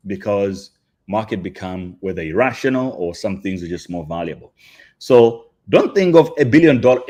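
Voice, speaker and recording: A man's voice: lowish voice, slightly rough. A man hosting a livestream show, chatting in a hyped, slangy way. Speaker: show host. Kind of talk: casual livestream chat.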